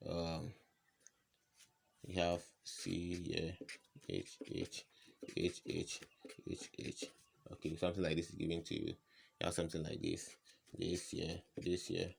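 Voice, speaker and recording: A man's voice: low-pitched, unhurried, creaky, pauses often, slightly rough. A man tutoring chemistry in an informal lesson, firing rhetorical "what?" questions at the viewer and repeating each answer. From West Africa.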